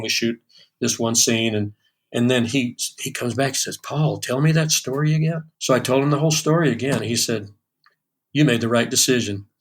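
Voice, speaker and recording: A man in his sixties, a session drummer, telling stories in an interview with many fillers and restarts. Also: mid-range voice. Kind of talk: storytelling in a podcast interview.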